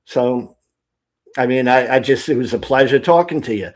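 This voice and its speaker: A man speaking as a guest in a casual online conversation, relaxed and hedging with "you know". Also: mid-range voice, moderate pace.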